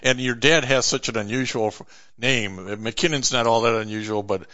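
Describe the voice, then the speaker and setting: A man interviewing a guest, asking long questions in a halting way. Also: medium pitch, fairly even intonation, pushed and bright. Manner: halting, with many fillers and restarts. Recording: dull lo-fi recording.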